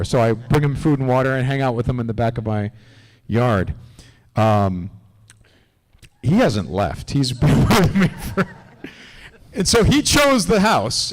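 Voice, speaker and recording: A man as a convention panel guest, telling animated, rambling stories with lots of restarts. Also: mid-range voice, normal speed. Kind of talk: casual storytelling on a live panel. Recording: long hall reverb.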